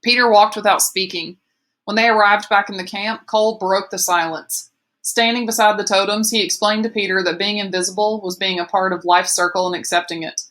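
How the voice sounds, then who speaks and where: A woman narrates a novel with steady, measured pacing. Her voice is bright and forward, and her delivery stays even and plainly readerly. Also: medium pitch. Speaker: audiobook reader. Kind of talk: scripted narration.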